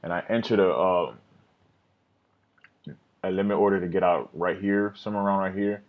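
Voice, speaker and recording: A man with a very low, deep voice talks through his trades in a loose, rambling way, often scolding himself and swearing. The sound is dull and lo-fi, like a computer mic on a screen recording. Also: steady tone, normal speed.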